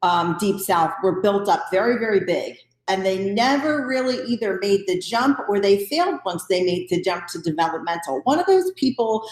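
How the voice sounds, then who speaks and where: A woman's voice: medium pitch, animated, moderate pace, few pauses. Chatty woman host in a roomy space. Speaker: podcast host. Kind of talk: casual interview. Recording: roomy echo.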